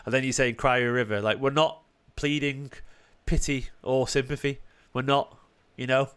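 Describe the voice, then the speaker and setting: A man hosting a live football watchalong, sarcastic and defensive as he talks back to viewers in the chat, moving from low mutters to sharp raised outbursts. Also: steady tone, normal speed, clear, resonant tone. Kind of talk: live-stream match commentary and chat replies.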